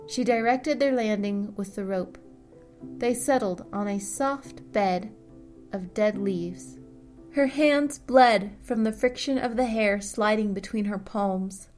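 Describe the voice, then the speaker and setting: A woman narrating a fantasy story in a steady storytelling manner. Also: medium pitch, takes it slowly, faint music behind. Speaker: audiobook narrator. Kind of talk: scripted narration.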